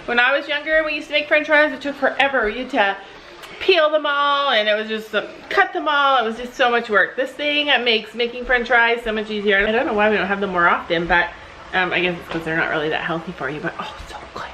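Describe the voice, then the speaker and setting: A chatty woman vlogging at home, speaking to the camera in a bright, forward voice. Her talk is lively and she often turns to address her pet bird. A faint hiss sits under the recording. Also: on the high side, fairly quick. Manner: chatty and animated, talks to viewers and her bird. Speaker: family vlogger. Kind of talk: casual vlog chat to camera.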